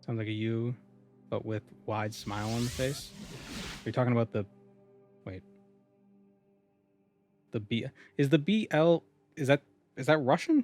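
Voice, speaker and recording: A man's voice: mid-range voice, unhurried, pauses often, darkish tone, faint music behind. A man streaming a game, chatting casually and reading viewer comments aloud before answering them. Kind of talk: casual live-stream chat.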